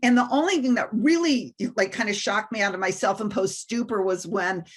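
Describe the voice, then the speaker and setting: A woman's voice: mid-range voice, brisk. A woman guest on an interview, telling a personal story with animation and self-deprecating humor. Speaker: guest mentor.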